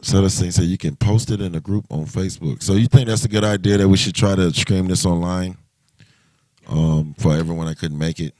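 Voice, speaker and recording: A man's voice: deep voice, fairly even intonation, brisk, a little mellow, dry recording, clean studio sound. A man hosting a casual livestream chat, talking loosely and rambling with many restarts. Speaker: livestream host.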